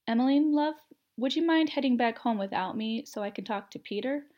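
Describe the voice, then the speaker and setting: A woman reading the part of an impatient, protective young male wizard, in a gruff, grumbling manner. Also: a little high, a little fast, muffled recording, voice pushed up, natural voice. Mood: worried, pleading.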